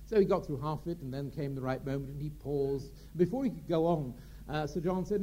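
A male raconteur spins theatrical anecdotes in a chatty, halting way. His voice sits fairly high but sounds mellow and warm. He pauses often with fillers. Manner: chatty, hesitant with many fillers. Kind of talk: anecdote telling.

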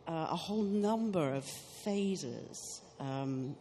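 Slow, reflective woman novelist on a panel. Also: low-pitched, expressive, dark tone, slight background noise. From South Africa. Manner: reflective, thinks aloud with fillers. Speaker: novelist guest. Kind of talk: panel discussion.

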